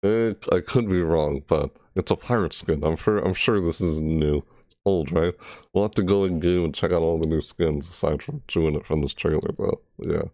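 Reacting offhandedly to a game trailer, a gaming creator rambles and corrects himself, now and then bursting into shrieked impressions of characters. His voice is deep and mellow at a normal speed, in a dry recording.

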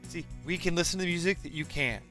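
A woman's voice: fairly low pitch, quick pace, a bit bright, soft background music. A woman co-hosting a live stream, bubbly and teasing as she thanks supporters. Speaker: co-host reading viewer messages. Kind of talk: live-stream co-host chat.

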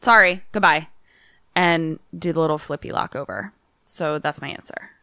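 A woman's voice: low-pitched, steady tone, no echo, studio quality. A woman co-hosting a podcast, reacting with short interjections and giving her answers in casual chat. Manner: reactive listener, quick interjections. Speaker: podcast co-host.

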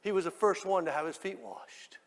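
A man preaching a sermon, telling the story dramatically and swinging from hushed lines to shouts. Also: high voice, expressive, a little fast, in a large hall.

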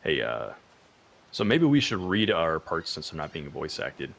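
Man, very deep, lively, gravelly, laid-back gamer, chatty. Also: unhurried. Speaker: gamer playing with friends. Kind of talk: casual let's play chat.

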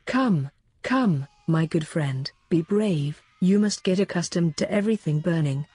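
Calm, pleasant priest, husky and dark-toned, read by a woman. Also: on the low side, unhurried, no echo. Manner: calm and friendly, then stern warning. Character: calm, pleasant old male missionary priest.

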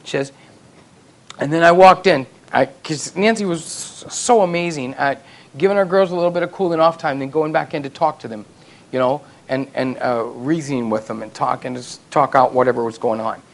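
A middle-aged man preaching a sermon as pastor, telling family stories with self-deprecating humor and building to loud, emphatic peaks. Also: mid-range voice, normal speed, vocal fry. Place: church sanctuary.

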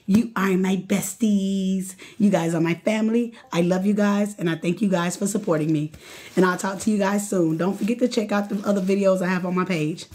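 A woman giving a late-night live tarot reading, casual and slangy, talking straight to her viewers and getting excitable, chanting and repeating herself. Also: mid-range voice. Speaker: tarot card reader.

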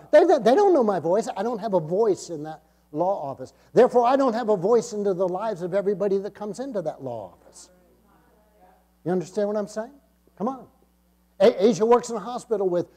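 Male pastor, higher-pitched and mellow, emphatic church sermon delivery. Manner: emphatic preaching, swells up then drops low. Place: church sanctuary.

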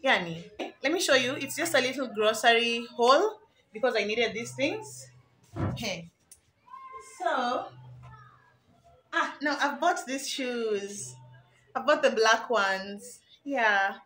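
Bright chatty young woman vlogger. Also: a little high, animated, slow pace, long pauses. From Kenya. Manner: chatty, laughs at herself. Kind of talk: casual vlog chat. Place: home.

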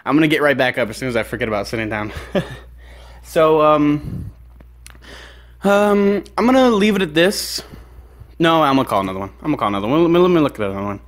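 A young man with a fairly high voice talks breathlessly, rambling and cursing between nervous laughs. He paces around the house with his phone on speaker while he chats to his viewers. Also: big pitch swings, brisk. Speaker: prank caller and video host. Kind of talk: casual phone prank chat. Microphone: phone on speaker held while walking.

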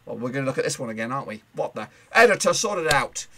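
A man hosting a casual football predictions recap, chatty and playful, with quick asides, fillers and a voice he says he is losing. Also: mid-range voice, sing-song, creaky, noisy background. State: losing his voice.

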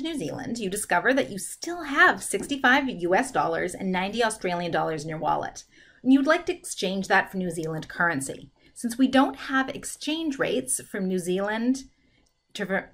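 A woman's voice: mid-range voice, a bit bright. Methodical woman teaching a math lesson. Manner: methodical, talks through each step aloud. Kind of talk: recorded math lesson, working through a problem.

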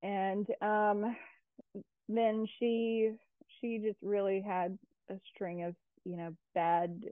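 A woman talks as a guest in a relaxed interview, rambling a little with plenty of fillers and restarts. Her voice comes through a thin, phone-like line with no room echo, and her pitch is average. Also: slow pace. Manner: chatty, lots of fillers and restarts. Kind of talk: casual conversational interview.

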